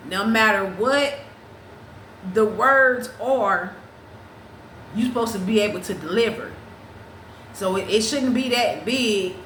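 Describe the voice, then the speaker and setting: Animated woman chatting in an echoey room. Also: mid-range voice, slow pace, long pauses, slight background noise. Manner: animated, profane, restarts and breaks into sung snippets. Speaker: podcast host. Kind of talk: casual chat. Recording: roomy echo with faint ambience.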